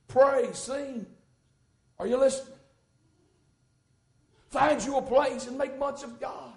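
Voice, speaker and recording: A man preaching a sermon in a church, folksy and rising into fervent shouts. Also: very high-pitched, fairly even intonation, slow, creaky, pauses often. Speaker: pastor. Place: church sanctuary. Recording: echoey church room.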